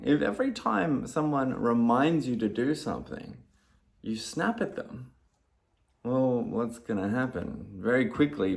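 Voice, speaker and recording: A man in a casual talk to camera, calmly explaining, with his voice jumping loud and high when he acts out his own replies. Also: creaky. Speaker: video creator talking about ADHD.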